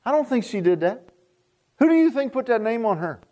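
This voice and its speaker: A man's voice: very high voice, sing-song, brisk, darkish tone. A man preaching a sermon, folksy and joking, often asking the congregation questions. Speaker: pastor.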